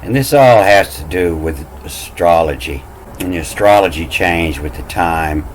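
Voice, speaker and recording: A man's voice: low voice, expressive, measured pace, slight background noise, poor audio. A man giving a meandering, self-taught lesson, spelling out letters and repeating words with frequent "you know" fillers. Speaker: self-styled language teacher. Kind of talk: rambling explanatory monologue.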